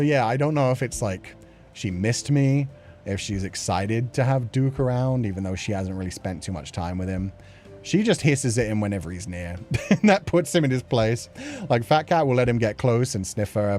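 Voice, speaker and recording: A man's voice: on the low side, a little mellow. A man hosting a casual livestream chat show, rambling with lots of filler words and laughing often as he reads viewer messages.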